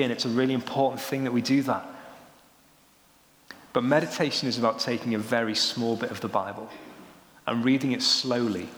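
Young guy giving a sermon, chatty and animated, big echoey church hall with long reverb. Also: mid-range voice. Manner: animated storytelling, rising excitedly when joking. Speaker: preacher.

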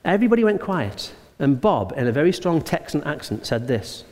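A man, a pastor preaching a sermon with lively storytelling and slowed, emphatic punchlines. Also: fairly high pitch. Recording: long hall reverb.

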